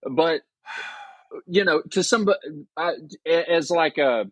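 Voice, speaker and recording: A man's voice: fairly high pitch, measured pace, no room sound. A man from the American South, a guest on a history podcast, talking in an easygoing, agreeable way. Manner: easygoing, agreeable, laughs along. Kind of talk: casual podcast chat.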